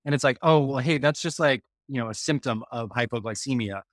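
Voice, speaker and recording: A podcast host talks in an earnest, rambling manner full of fillers during a casual podcast conversation. His mid-range voice has a fairly bright tone and moves a little fast, and the recording is clean studio sound with no room noise.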